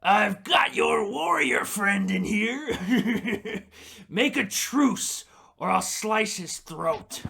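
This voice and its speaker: A man voicing a menacing male goblin leader who shouts threats while holding a hostage. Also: sits high, lively intonation, slow, creaky, slightly rough, pitched above the performer's own voice, full character voice. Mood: threatening.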